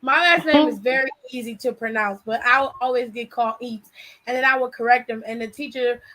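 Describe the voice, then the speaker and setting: A woman in casual chat, laughing often and making quick teasing remarks. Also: a little high, fairly even intonation, bright, forceful tone, rough recording.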